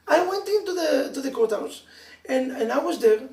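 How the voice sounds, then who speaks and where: Animated rabbi preaching in an echoey room. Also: male voice, extremely high pitch, normal speed. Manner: animated storytelling with laughs and sudden loud emphasis. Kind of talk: sermon to a live audience. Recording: echoey room, mic from far off.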